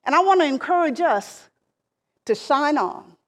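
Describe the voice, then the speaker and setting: A woman preaching a sermon, deliberate and emphatic, with phrases that rise and then trail off softly. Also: sits high, lively intonation. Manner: slow, deliberate preaching with emphatic rises and soft trailing endings.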